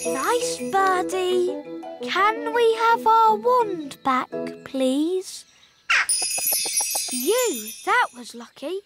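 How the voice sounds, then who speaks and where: A woman's voice: very high-pitched, animated, very slow, heavily acted. A woman voicing a small, brave boy elf who talks in a helpful, modest and boyish way. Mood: confident. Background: children's music.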